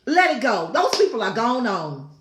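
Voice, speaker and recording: A woman's voice: a little high, very animated, moderate pace, noisy background. A woman hosting a talk show, giving a fervent, preaching-style devotional talk with repeated phrases and exclaimed asides. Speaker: talk show host teaching scripture. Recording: echoey room.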